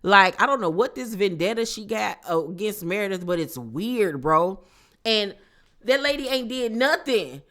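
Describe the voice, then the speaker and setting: A woman's voice: medium pitch, animated, a little slow, fairly bright tone. A woman hosting a casual reality TV recap with a sassy, slangy, blunt manner. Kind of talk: casual commentary vlog.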